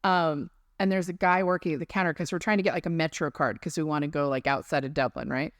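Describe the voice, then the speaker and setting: A woman's voice: deep voice, quick pace, no room sound, clean studio sound. A woman co-hosting a podcast, chatting animatedly and telling stories. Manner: animated, laughing, storytelling. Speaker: podcast co-host. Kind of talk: casual chat.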